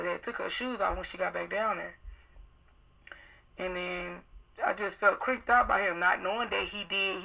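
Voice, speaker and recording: A young woman with a gravelly, bright voice recounts a night out in loose, profane storytelling. She acts out the other people's lines as she goes. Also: mid-range voice, low-quality recording. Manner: profane, rapid storytelling acting out quoted dialogue. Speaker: witness telling her account. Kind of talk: casual recounting on live video.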